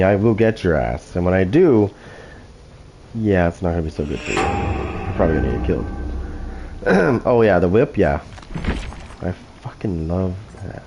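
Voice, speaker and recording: A man talks over his own gameplay, swearing and taunting opponents in a loose, cocky way. His voice is dark and mellow. A faint hiss sits under the recording. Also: on the low side, low-quality recording. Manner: profane trash talk, taunting. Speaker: gaming channel host. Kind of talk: gameplay commentary.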